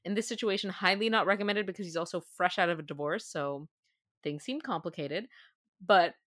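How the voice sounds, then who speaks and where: A woman's voice: fairly low pitch, a little fast, a bit bright, dry recording, studio quality. A woman co-hosting a podcast in a casual chat, thinking aloud with lots of fillers. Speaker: podcast co-host.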